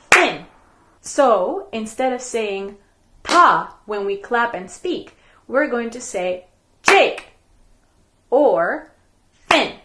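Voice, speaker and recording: Woman teaching kids music, slow careful talk, kinda high voice, patient. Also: a bit bright. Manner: slow, clear, patient classroom delivery with counted clapping chants. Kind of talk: recorded home-learning music lesson.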